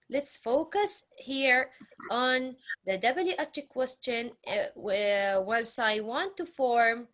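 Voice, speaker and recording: Very slow, bright-voiced woman teaching grammar. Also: on the high side. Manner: drills phrases with repetition and exaggerated question intonation. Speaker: English teacher. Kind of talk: slow classroom grammar lesson.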